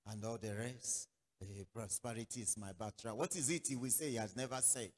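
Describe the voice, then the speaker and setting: A man from Nigeria preaching a sermon as pastor, telling a story with acted-out dialogue and sudden loud outbursts. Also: medium pitch, a little fast. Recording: long reverberant hall.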